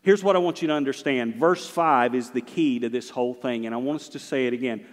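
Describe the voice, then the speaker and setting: A middle-aged man, a pastor preaching a sermon, swinging between loud and hushed delivery. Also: medium pitch, a little fast, few pauses, long reverb tail.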